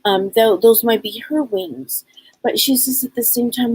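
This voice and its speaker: A woman psychic medium on a live show, passing on messages in a halting, repetitive way and speaking them in the first person. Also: a little high, expressive, a little mellow, husky, no echo, poor audio.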